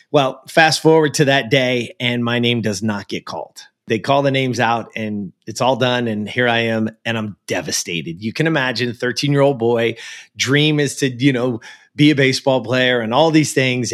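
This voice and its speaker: An American man of middle pitch tells a personal story in conversation as a guest. He speaks earnestly and with emphasis, and leans on casual fillers as he goes. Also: fairly bright tone. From United States. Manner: earnest and emphatic, with frequent "like" and "you know".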